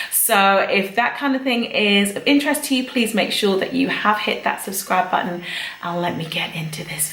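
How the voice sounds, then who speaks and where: A woman's voice: mid-range voice, a bit bright, reverberant, low-quality recording. A chatty woman giving a pregnancy update on her vlog, a little out of breath and laughing often. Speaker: vlogger.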